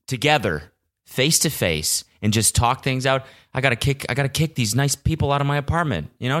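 A man's voice: mid-range voice, fairly bright tone. A young man hosting his own podcast alone in his apartment, talking in a frazzled, rambling way with lots of swearing, recorded on a small vlog camera. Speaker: podcast host. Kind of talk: casual solo podcast monologue. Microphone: small vlog camera mic.

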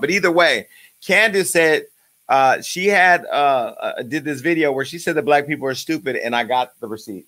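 A man's voice: fairly high pitch, animated, moderate pace, bright, forceful tone. A man hosting his own show, ranting in a profane, joking and angry way. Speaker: show host. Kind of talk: uncensored comedic rant.

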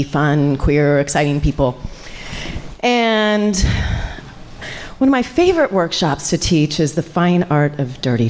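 A middle-aged woman, a sexuality educator, telling a story live to an audience in an animated way, laughing and chatting with the crowd. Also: sits low, slight background noise.

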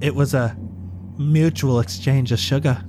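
A smug, crude talking cake, as a game master puts it on. It taunts in a lowered, sly voice. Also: fairly even intonation, measured pace, noisy background, natural voice.

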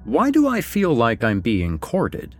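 A middle-aged man narrating a first-person story, expressive and wry, voicing the dialogue. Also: medium pitch, takes it slowly. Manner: expressive, swings between wry and somber. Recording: faint background music.

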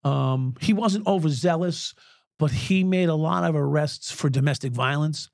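A former police officer in his sixties speaks at a moderate pace as a podcast guest, his slightly high voice gravelly yet a little mellow. He tells frank stories bluntly, swearing freely and chuckling, in a clean studio recording with no echo.

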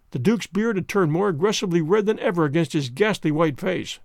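Male narrator for an audiobook, high and lively voice, a bit gravelly. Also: a little fast, hardly any pauses, dry recording, clean studio sound. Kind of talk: scripted narration of a classic detective story.

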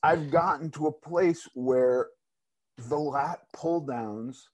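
A man's voice: on the high side, takes it slowly. Rambling, self-mocking man chatting. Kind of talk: casual podcast conversation.

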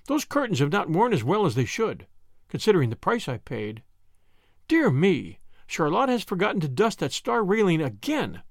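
A man's voice: high voice, huge pitch swings, moderate pace, creaky, dry recording, clean studio sound, full character voice. Man voicing a fussy genteel older lady. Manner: fussy, prim. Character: middle-aged woman, fussy and genteel. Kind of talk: audiobook character reading.

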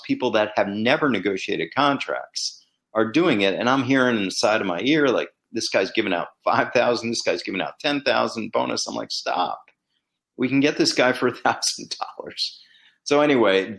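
A middle-aged man with a fairly low voice shares stories from his years as a team executive. He talks casually, like he's chatting with a listener. When he quotes people in his stories, his pitch jumps up. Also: a bit bright. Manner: conversational storyteller, acts out quoted dialogue with rising pitch. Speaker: former team executive turned commentator. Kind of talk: casual solo commentary.

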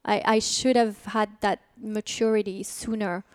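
A woman's voice: medium pitch, fairly even intonation, moderate pace, clear, resonant tone, no echo, clean studio sound. A woman speaking frankly and emotionally as a guest on an interview podcast. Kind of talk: candid interview conversation.

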